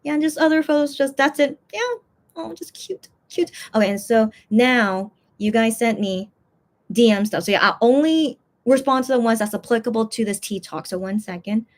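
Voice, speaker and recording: A woman's voice: a little high, moderate pace. A woman hosting her own channel, chatting casually to viewers in a rambling way, full of fillers and restarts. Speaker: fan vlogger, channel host.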